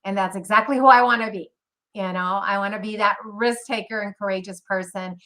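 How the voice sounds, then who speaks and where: Bright-voiced woman, earnest and admiring. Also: medium pitch, fairly even intonation, a little fast. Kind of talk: heartfelt tribute.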